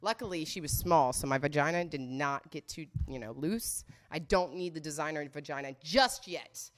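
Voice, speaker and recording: A woman's voice: sits low, normal speed. A woman hosting a comedy show, rambling through a casual, profane, joking monologue. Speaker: host of a comedy show about sex.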